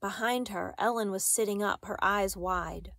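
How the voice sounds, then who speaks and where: A woman's voice: medium pitch, moderate pace, gravelly, a bit bright, no echo. Dry, close woman reading aloud. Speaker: audiobook reader. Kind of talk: reading a children's novel aloud.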